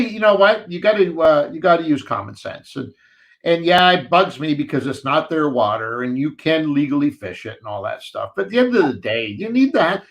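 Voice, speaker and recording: A man co-hosting a live fishing show, chatting animatedly and reading out viewer questions. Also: on the high side.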